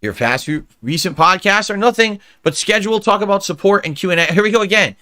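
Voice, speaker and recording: A middle-aged man streaming live, reading out viewer suggestions and tearing into them with an irritated, mocking rant. His voice sits a bit high for a man, with a bright, tense edge. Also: expressive, fast talker. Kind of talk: livestream commentary.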